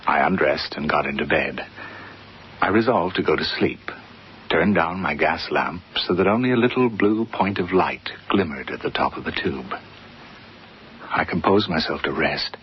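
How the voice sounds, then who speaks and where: An actor in a radio drama playing a gentleman attacked in the dark, shouting and gasping. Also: a bass voice, moderate pace. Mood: somber. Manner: shouting, gasping, screaming in terror. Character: gentleman attacked by an unseen thing. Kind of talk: 1950s-style BBC radio drama acting. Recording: dull lo-fi radio recording with audible hiss.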